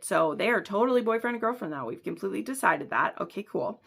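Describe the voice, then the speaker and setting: A woman's voice: mid-range voice, lively intonation, a little fast, creaky, hardly any pauses, fairly bright tone. A woman book vlogger reading passages aloud and reacting with gushing enthusiasm between them.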